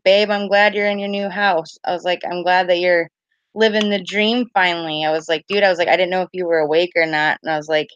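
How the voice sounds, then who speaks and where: A woman's voice: on the low side, fairly even intonation, fast, fairly bright tone, dry recording, dull audio. A woman in her thirties chatting casually on a live stream, rambling and peppering her talk with "like" and "I was like", greeting viewers by name. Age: 30s. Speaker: live-stream card reader. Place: home at night.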